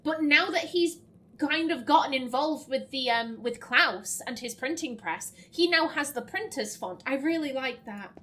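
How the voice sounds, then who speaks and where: Woman game streamer, high and bouncy voice, reads dialogue aloud, laughs at her own slips. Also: expressive, unhurried, sharp tone, slight background noise. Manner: chatty and giggly, stumbling over foreign words. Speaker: let's play host. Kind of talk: blind let's play commentary, reading game dialogue aloud.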